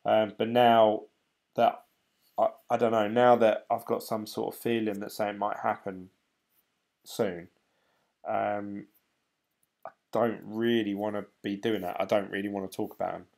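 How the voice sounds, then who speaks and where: A man's voice: on the low side, level tone, measured pace, creaky, pauses often, a little mellow. A man chatting casually on a live stream, rambling and laughing often as he reads comments. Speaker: crypto vlogger reading live chat.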